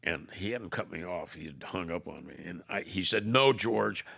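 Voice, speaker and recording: An older man, a podcast guest, telling a story by acting out both sides of an old argument, with halting restarts. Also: sits low, creaky, pushed and bright, husky. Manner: retells arguments through quoted dialogue, "I said", "I go". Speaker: podcast guest, former motorcycle club leader. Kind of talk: storytelling in conversation.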